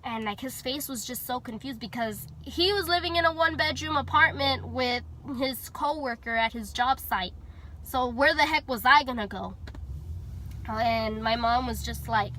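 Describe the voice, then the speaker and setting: A woman's voice: fairly high pitch, moderate pace, pushed and bright, a little hiss or hum. A young woman from Texas telling a personal story in a chatty way, full of fillers and acted-out dialogue. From Houston, Texas. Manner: chatty, many fillers, acts out quoted dialogue. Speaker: vlogger telling her story. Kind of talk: casual storytelling.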